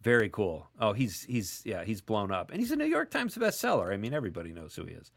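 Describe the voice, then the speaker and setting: A man's voice: on the low side, wildly swooping pitch, quick pace, gravelly. A man hosting a casual call-in radio show, chatting and joking as he reads listener texts aloud.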